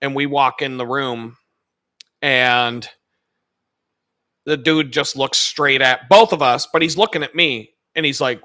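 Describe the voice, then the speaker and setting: A man hosting his own channel, telling a personal work story in a casual, animated, profane way and acting out the people he quotes. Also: on the high side, normal speed, no echo.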